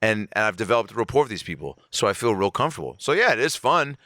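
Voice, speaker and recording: A man in casual podcast chat tells a personal story with an animated, profane delivery. His voice is fairly low and bright. The sound is dry and close. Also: fast talker, no echo. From Reno, Nevada area. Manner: animated, swears a lot, acts out quotes with sharp jumps in pitch. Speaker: comedian guest.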